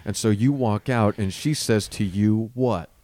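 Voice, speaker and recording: A man's voice: measured pace, a loud crowd. A man in his thirties hosting a comedy podcast, telling a story with lots of swearing and acting out the people in it. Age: 30s. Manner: animated storyteller, swears freely, acts out quotes with big pitch jumps. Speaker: podcast host. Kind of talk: casual comedy podcast chat. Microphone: dynamic studio microphone.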